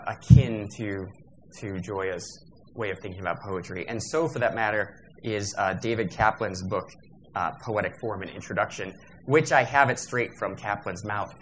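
A man's voice: on the low side, a little hiss or hum. A man giving a workshop lecture in a discursive, digressive manner, with fillers and self-corrections.

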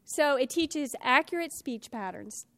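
A middle-aged woman lecturing a class as a teacher trainer, slowing down to stress key words and hurrying through asides. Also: high-pitched, animated, a bit bright, dry recording.

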